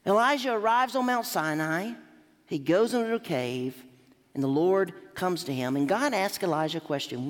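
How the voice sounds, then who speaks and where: A woman's voice: on the low side, moderate pace. A woman preacher delivering a sermon emphatically, rising and dropping her voice to drive points home. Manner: emphatic, lively rises and drops. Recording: long hall reverb.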